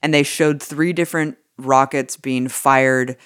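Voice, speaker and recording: A woman's voice: rumbling low, fairly even intonation, unhurried, a bit bright, clear, resonant tone, dry recording. A woman co-hosts a political talk podcast in a casual, indignant way. She swears freely and fills her talk with "like." Her voice sits close and dry, with no room around it. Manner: indignant, profane, many "like" fillers. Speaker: podcast co-host.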